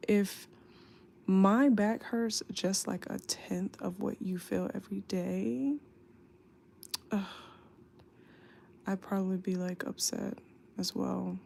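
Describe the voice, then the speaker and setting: Young woman, worn out and aching, drawling late-night livestream chat into her phone, with a gravelly edge. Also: mid-range voice, fairly even intonation, warm tone, a little hiss or hum. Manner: slow, tired, drawling talk with lots of fillers. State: sleepy and in back pain. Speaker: flight attendant livestreamer. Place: home at night. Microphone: phone mic, off screen.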